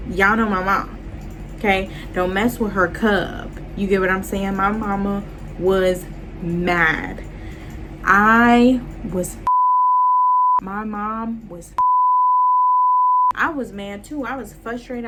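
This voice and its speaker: A young adult woman vlogging a casual storytime and talking straight to her viewers in an animated way. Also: mid-range voice, noisy background.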